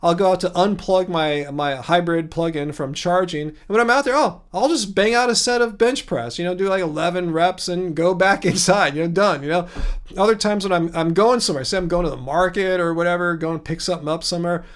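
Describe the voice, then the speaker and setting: A man's voice: high-pitched, fairly quick. A man hosting a casual livestream, answering viewer comments in a rambling way with frequent restarts and chuckles. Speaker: livestream host.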